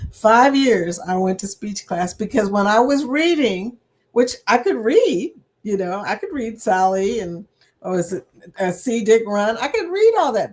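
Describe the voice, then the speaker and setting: A middle-aged woman hosting a casual livestream chat, reading viewer comments aloud and laughing often as she talks. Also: medium pitch. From United States. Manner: laughs often, chatty and animated.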